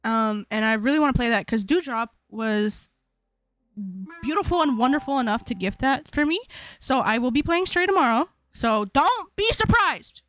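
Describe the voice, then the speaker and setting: A chatty young woman streamer talks casually to her viewers, rambling and repeating herself. Her voice sits high, and the sound is dry and close, with no room around it. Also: animated, normal speed, a bit bright, no room sound. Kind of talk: casual stream sign-off chat.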